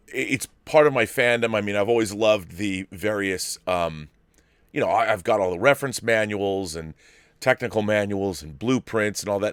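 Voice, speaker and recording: A man's voice: on the low side, no room sound, studio quality. A man in his fifties hosting a live-stream show, chatting in a rambling way with many restarts. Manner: baby-talk voice to dogs. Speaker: host.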